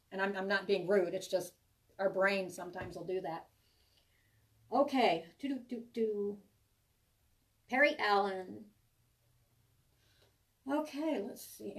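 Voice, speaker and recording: A woman's voice: mid-range voice, distant mic. A woman giving a live tarot reading to viewers, chatty and reassuring, rambling with many restarts. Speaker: tarot reader.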